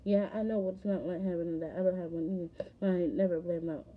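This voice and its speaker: A woman with a fairly low voice rambles through a personal story, piling on fillers as she goes. The audio is muffled and lo-fi, with the top end dulled. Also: steady tone, fast talker. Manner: rambling, filler-heavy retelling. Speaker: vlogger. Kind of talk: casual storytelling vlog.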